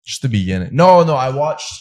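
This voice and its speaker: Young guy, relaxed guest, mid-pitched voice with a lot of swing, short answers. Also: a little fast. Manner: laid-back, short replies, bursts into laughter. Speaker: guest and amateur fighter. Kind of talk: casual chat.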